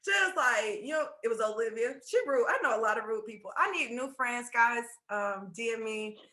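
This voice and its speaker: A woman faith coach telling stories in a casual interview, animated and laughing, acting out dialogue. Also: a little high, fairly quick, reverberant. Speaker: podcast guest, faith coach.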